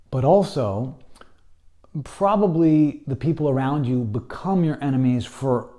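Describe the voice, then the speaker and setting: A man gives a Bible lesson at an unhurried pace. His voice is dark and mellow, and he exhorts his listeners with urgency, now and then slipping into the imagined thoughts of ordinary people. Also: mid-range voice, expressive. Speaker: Bible study teacher.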